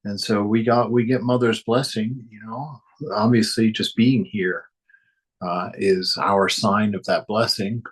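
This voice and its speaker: A man hosting a reading of a spiritual text, reading passages aloud and adding relaxed, gently chuckling commentary. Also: on the low side, a little slow, husky, low-quality recording. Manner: relaxed, chuckles between thoughts.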